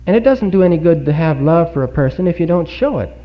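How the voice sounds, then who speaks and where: A man's voice: fairly high pitch, lively intonation. Man preaching on an old lo-fi recording. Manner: earnest, rhetorical questions, dramatic pauses. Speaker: speaker giving a Bible talk. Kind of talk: sermon. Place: congregation hall. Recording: dull lo-fi 1950s recording.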